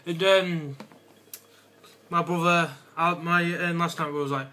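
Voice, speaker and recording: Rambling English teen with a bright voice. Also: male voice, a little high, steady tone, slow. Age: teens. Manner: rambling, offhand and goofy, slipping into silly accents. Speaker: vlogger. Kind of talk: casual vlog chat. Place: bedroom at home.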